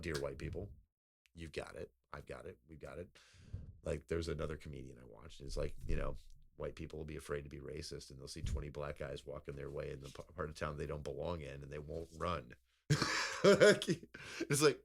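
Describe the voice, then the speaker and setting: Very deep-voiced man, rambling casual chat. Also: creaky, a bit bright, slight background noise. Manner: rambling, profane, laughs often. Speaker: podcast co-host.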